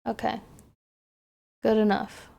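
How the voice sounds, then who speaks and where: A woman's voice: fairly high pitch, monotone, takes it slowly, gravelly, dark tone. A young woman streaming as she draws, chatting casually, swearing and laughing at her own scares, then trailing off into mumbles as she focuses. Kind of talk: casual live-stream chat while drawing.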